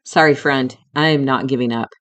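A woman's voice: extremely low pitch, steady tone, fairly quick. A middle-aged woman hosting a podcast, telling a personal story in a candid, emotional way, with some swearing and talking straight to the listener as a friend. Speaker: podcast host.

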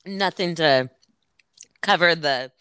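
Woman, low voice, very clear, dry close sound, rambling casual podcast chat. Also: slow, fairly bright tone, no echo. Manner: rambling, laughing, self-interrupting. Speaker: podcast host.

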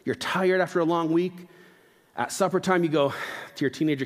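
A man preaching a sermon in a relaxed, conversational manner, dropping his voice low and slow to stress key points. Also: in a large hall. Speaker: pastor.

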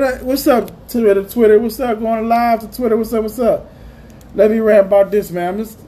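A man's voice: high voice, normal speed, darkish tone, slight background noise. A man hosting his own podcast, ranting in a heated, repetitive way and saying "man" again and again. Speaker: podcast host. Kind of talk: ranting monologue.

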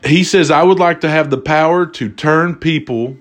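A man hosting a casual, comedic talk, reading out viewer submissions and reacting with loud, profane amusement. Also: on the high side, moderate pace, soft background music. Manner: animated, laughing, profane, cracks up. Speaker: host.

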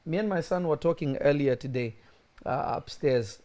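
Young male pastor preaching warmly. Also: a little high, moderate pace. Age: young adult. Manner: animated preaching, acting out quoted voices. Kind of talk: sermon.

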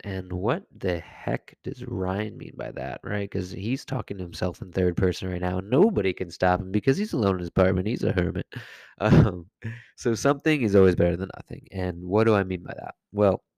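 A man's voice: deep voice, animated, a little fast, vocal fry, a little mellow, no room sound. A man hosting his own health and wellness podcast alone in his apartment, talking casually in a goofy, self-mocking way and laughing often. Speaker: podcast host and health coach. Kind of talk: casual solo podcast monologue.

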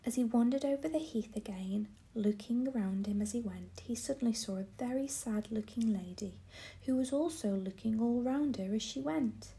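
A woman reading a children's story aloud in a slow, gentle whisper. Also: on the high side, vocal fry.

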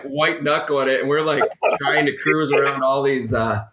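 Podcast guest, male, middle pitch, chatty storyteller, roomy echo. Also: moderate pace, few pauses, heavy background noise. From Minnesota. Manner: rambling, animated anecdote with quoted dialogue. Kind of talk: casual storytelling.

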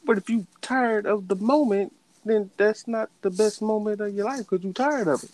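A man in casual chat, arguing his point in a quick back-and-forth. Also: high voice, a little mellow, dry recording, low-quality recording.

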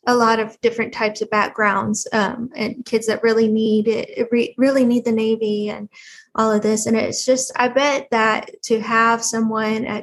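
A woman's voice: a little high, poor audio. A woman, a Navy recruiter co-hosting a podcast, asking questions in a hesitant way with fillers. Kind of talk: casual interview questions.

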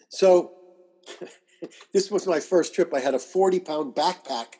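Husky-voiced man telling animated stories. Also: on the high side, a little slow, long pauses. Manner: animated anecdotes with acted-out quotes and laughs. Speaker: guest, astrologer and author. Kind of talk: conversational storytelling.

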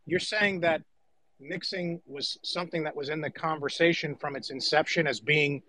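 A man's voice: a little high, moderate pace, bright, forceful tone, no echo, poor audio. A man co-hosting a casual panel discussion, conversational as he leads and brings in guests. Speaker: podcast co-host.

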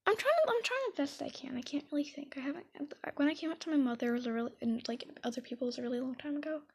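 High-voiced woman rambling through advice. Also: very fast, a little mellow. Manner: rambling, hesitant, many fillers and restarts. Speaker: vlogger giving advice. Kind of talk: unscripted casual advice talk.

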